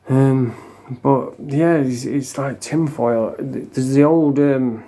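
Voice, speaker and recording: A man's voice: medium pitch, slow, warm tone. A middle-aged man ranting casually to camera as the host of a commentary channel, blunt and scornful, swearing freely and restarting his sentences.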